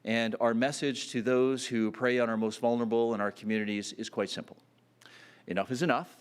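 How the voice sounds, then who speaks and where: A man's voice: mid-range voice, steady tone, fairly quick, smooth. A man giving a campaign speech at a public announcement, earnest and full of fillers and restarts. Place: announcement event.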